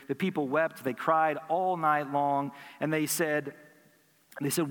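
A man's voice: a little high, measured pace, fairly bright tone. A man preaching a sermon as pastor, earnest and building emphasis through repeated phrases. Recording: hall reverb.

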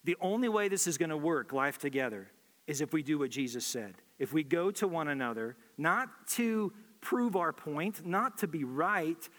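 A man's voice: a little high, animated, normal speed, fairly bright tone, long reverb tail. A man preaching a sermon as pastor, earnest and repeating phrases for emphasis.

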